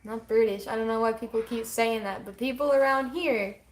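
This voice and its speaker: A woman's voice: on the high side, fairly quick, echoey room, rough recording. A woman co-hosting a livestream with a faint Southern American accent, reading comments in an offhand, casual way. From southern United States. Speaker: co-host reading viewer comments.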